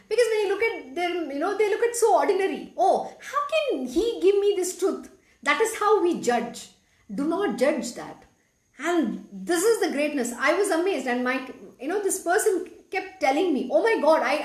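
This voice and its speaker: A woman's voice: high-pitched, echoey room. A woman reading a devotional scripture aloud and explaining it in an earnest, emphatic way. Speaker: spiritual teacher reading scripture.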